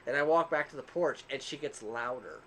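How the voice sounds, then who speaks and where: A man's voice: mid-range voice, brisk, a little hiss or hum. A man co-hosting a casual podcast, telling a long rambling story with frequent laughs and asides. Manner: self-described quieter one. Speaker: podcast co-host.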